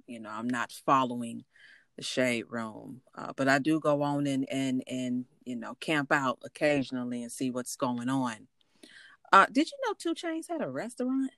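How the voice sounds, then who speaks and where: A woman co-hosting a podcast in casual chat, unhurried and agreeable, cheering her partner on as she shares a story. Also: a bass voice, lively intonation, fairly bright tone, no echo, clean studio sound. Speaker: podcast co-host.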